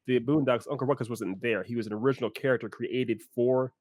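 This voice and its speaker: A man's voice: medium pitch, quick pace, no echo. Dry-sounding enthusiastic podcast man. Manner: enthusiastic, animated with restarts. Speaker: podcast co-host. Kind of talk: casual discussion.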